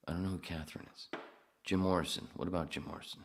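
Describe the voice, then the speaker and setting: A man's voice: sits low, steady tone, fast, slight background noise. A man hosting a podcast alone, rambling and swearing while he answers chat comments. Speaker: podcast host. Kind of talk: casual solo livestream chat.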